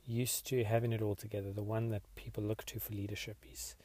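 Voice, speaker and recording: Man, podcast host, devotional meditation, low husky voice, flat even delivery. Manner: slow, reflective, soft-spoken.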